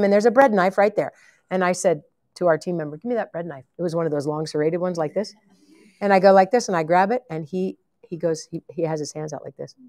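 A woman preacher telling a long story in a sermon, animated, acting out the voices of the people in it and often laughing. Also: lowish voice. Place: conference hall.

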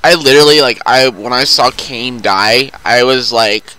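Bright-voiced, foul-mouthed gamer guy. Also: medium pitch, normal speed, clear, resonant tone, poor audio. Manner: profane, loose and talkative. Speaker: gaming commentator. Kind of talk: casual gameplay chat.

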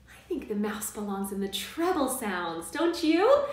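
A cheerful woman leads a little ones' music class, her higher voice swooping up and down as she coaxes the children to answer. She sounds a step back from the mic, and a strong echo rings around the room. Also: sing-song, a little slow, hardly any pauses. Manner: bright, sing-song, coaxing tone for small children. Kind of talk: live online kids' music class. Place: indoors at home during quarantine. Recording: very echoey room, mic at a distance.

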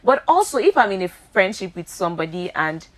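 A woman's voice: medium pitch, sing-song, fairly quick, poor audio. A Nigerian woman hosting a casual chat, asking questions and reflecting on her friendships.

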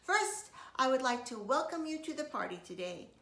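A woman voicing a father making a loud, formal announcement at a party, read from a storybook. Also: high-pitched, very animated, moderate pace, pitched above the performer's own voice, full character voice. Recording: echoey room, faint noise.

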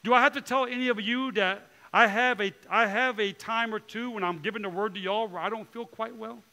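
Pastor guy preaching, kinda high voice, bright and punchy, does little voices for people in his stories. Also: a little fast. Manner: animated preaching, acting out voices of people and God. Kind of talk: sermon.

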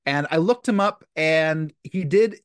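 A man's voice: fairly high pitch, a little slow, clear, resonant tone, no room sound, clean studio sound. A man co-hosting a podcast in casual chat, rambling, with stammered restarts. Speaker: podcast co-host. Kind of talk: casual chat about an old TV show.

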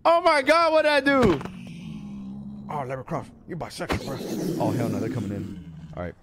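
A young man casually livestreaming a game, excitable and swearing, with sudden shouts. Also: medium pitch, normal speed, background noise. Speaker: streamer.

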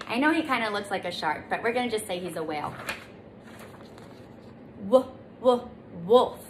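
A woman teaching a children's circle time lesson in a gentle, sing-song way, stretching out letter sounds for little ones to repeat. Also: medium pitch, lively intonation, fast talker. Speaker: preschool teacher. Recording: echoey room, faint noise.

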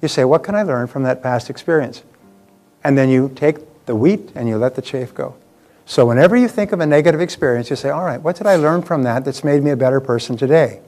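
A man's voice: mid-range voice, lively intonation, quick pace, a little mellow. A man giving a live motivational seminar talk, emphatic and repeating key phrases for effect.

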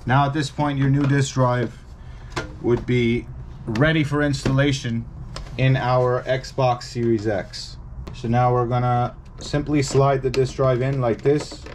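A man's voice: medium pitch, fairly even intonation, unhurried, background noise. A man walking viewers through a hardware repair step by step, in a casual, instructive way that stresses the warnings. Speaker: repair technician.

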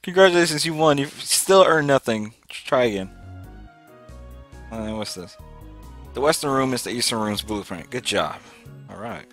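A young man playing a video game, reading its text aloud and reacting with excitable yelps and panicked shouts. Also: fairly low pitch, unhurried, pauses often, soft background music. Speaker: let's play gamer.

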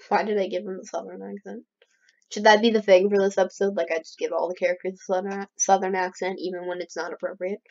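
A woman's voice: fairly low pitch, flat delivery, fast talker, darkish tone. Chatty mock-outraged young woman gamer. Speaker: let's play host. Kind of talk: casual gameplay commentary. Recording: slightly dull lo-fi recording.

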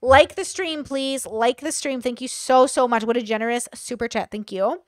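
A woman streamer telling a story in a profane, animated way during a live stream. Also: a little high, normal speed, slight background noise. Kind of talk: casual live-stream monologue.

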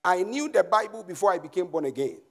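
A man's voice: high-pitched, expressive, gravelly. A man with a Ghanaian English accent preaching a sermon as pastor and prophet, leading the congregation in call-and-response. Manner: slow, emphatic preaching with repetitions.

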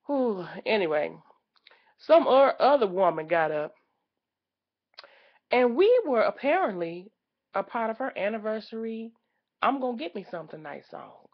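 A woman giving a sassy, loudly exasperated comedic rant as a vlogger. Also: mid-range voice, big pitch swings, normal speed, long pauses, highs cut off. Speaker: vlogger reviewing a karaoke night.

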